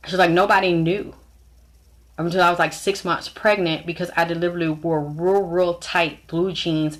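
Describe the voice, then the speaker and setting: A woman's voice: on the low side, fairly bright tone. A woman giving a blunt, profane personal monologue, emotionally charged as she recounts her life.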